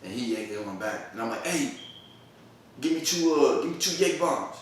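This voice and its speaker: Speaking at normal speed in an animated, mid-range voice, a podcast host spins a long, casual story full of slang and laughter, rambling as he goes. Slight background noise and roomy echo suggest he sits a bit far from the mic.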